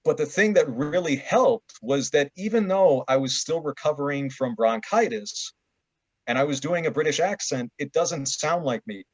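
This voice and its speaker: A man's voice: on the high side, expressive, normal speed, no echo. A man, an audiobook narrator, talking casually as a guest in an easygoing storytelling manner. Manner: easygoing storyteller, some stammered restarts. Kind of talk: casual interview chat. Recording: dry, dull lo-fi call audio.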